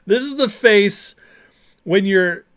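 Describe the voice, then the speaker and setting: A man's voice: high voice, takes it slowly, a bit bright. A man hosting a livestream, talking casually, reading chat and mocking clips with frequent laughter. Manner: chatty, laughs often, mocking. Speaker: livestream host.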